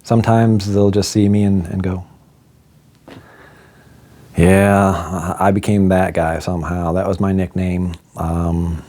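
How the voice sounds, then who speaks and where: A middle-aged man tells a personal story in a relaxed, chatty way, poking fun at himself. His voice sits low and mellow. He slips into the voices of the people he quotes. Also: takes it slowly, long pauses. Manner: chatty, self-deprecating, acts out quoted dialogue. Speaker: vlogger telling a personal story. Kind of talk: casual storytelling monologue.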